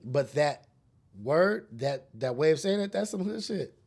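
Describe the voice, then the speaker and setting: Expressive and measured, with a slightly high pitch and darkish tone, a man rants on his solo podcast. He was raised in a rough urban neighborhood, and his casual monologue is blunt and preachy, thick with street slang and curses.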